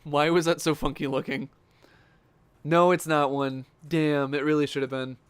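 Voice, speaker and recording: A man's voice: on the high side, level tone, moderate pace, smooth. A man giving casual, jokey commentary while playing a fighting game, reacting aloud to each moment of the match. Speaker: gaming streamer.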